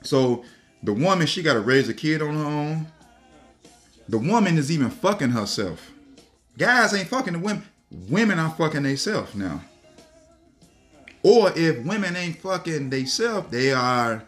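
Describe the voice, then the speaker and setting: A man's voice: a little high, sing-song, a little slow, a bit bright, faint music behind. A man talking casually on a podcast, telling a story in a rambling, profane way, laughing and repeating himself.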